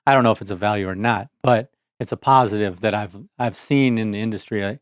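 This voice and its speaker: Plainspoken mid-pitched engineer. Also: male voice, no room sound, studio quality. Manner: measured, plainspoken, with frequent fillers. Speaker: engineer, podcast co-host. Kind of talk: casual tech podcast chat.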